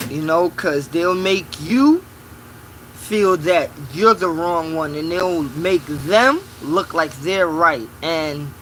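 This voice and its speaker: Speaking slowly in a slightly high voice, a livestreamer hosts a casual broadcast from his little office at work. Loose run-on sentences and frequent "you know" fillers mark his talk, which turns loud and preachy if he gets worked up. A faint hiss or hum sits under the low-quality recording.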